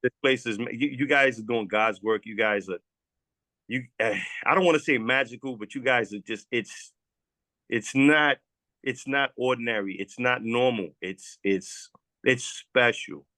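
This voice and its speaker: In an emotional testimonial, a man who was once a guest recounts his recovery, his words stopping, repeating and restarting with heartfelt earnestness. He speaks at a measured pace in an ordinary middle register, his tone pushed and bright. The close, dry recording carries no room sound.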